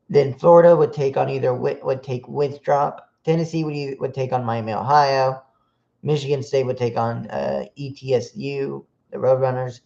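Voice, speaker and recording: Gravelly man rattling off basketball matchups. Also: medium pitch, fairly even intonation, normal speed, warm tone. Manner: rattles off matchups with fillers and restarts. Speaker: podcast host. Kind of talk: solo sports podcast stream. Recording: dull lo-fi sound.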